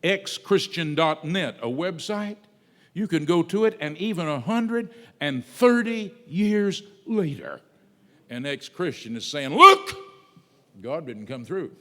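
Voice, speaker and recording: Preacher in an echoing hall. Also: male voice, a little high, expressive. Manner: dramatic swings in loudness, drawn-out emphatic words. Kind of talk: sermon. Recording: long reverb of a large hall.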